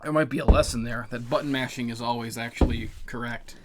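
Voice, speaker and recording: A man's voice: mid-range voice, steady tone, fast talker, heavy background noise. A young man joking sarcastically and swearing while playing a fighting game with a friend. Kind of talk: casual chat over gameplay.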